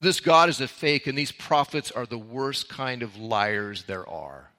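A man's voice: medium pitch, expressive, unhurried, sharp tone. A man preaching a sermon, reading verses aloud and explaining them with casual asides. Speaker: pastor.

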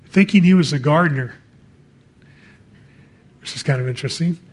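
A man's voice: a little high, moderate pace, a little mellow, breathy edge. A man preaching a sermon in a conversational way, reading scripture and adding casual asides.

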